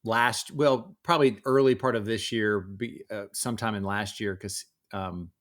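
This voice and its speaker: A man in his forties, a podcast guest, telling relaxed family stories in casual conversation with frequent restarts. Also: lowish voice, moderate pace.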